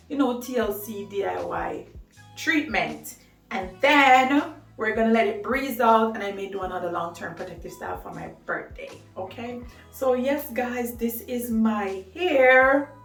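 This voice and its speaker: A woman talking to camera about hair care, chatty and enthusiastic, often laughing. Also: medium pitch. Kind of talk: casual talk to camera. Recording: roomy echo, mic at a distance, faint music.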